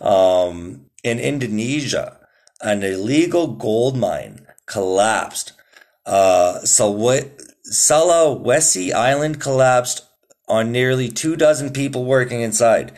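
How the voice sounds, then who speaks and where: A man's voice: medium pitch, expressive, measured pace, a little mellow. A man hosting his own podcast in loose, rambling casual chat, swearing a lot and calling listeners "dude". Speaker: podcast host.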